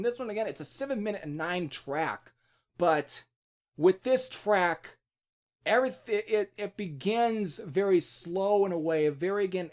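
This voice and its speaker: A man with a somewhat high voice talks through a music album review in a loose, unscripted way. He restarts sentences often, fills gaps with fillers and now and then throws in a curse. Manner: rambling, many restarts and fillers, casual cursing. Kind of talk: casual spoken music review.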